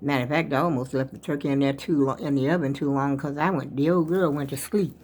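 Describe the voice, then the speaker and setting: A woman's voice: very deep voice, fairly even intonation, fast, a little mellow, a little hiss or hum. An older woman, chatting casually at home for a vlog, rambling and a bit out of breath. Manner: rambling, chatty, addresses viewers as y'all. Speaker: vlogger.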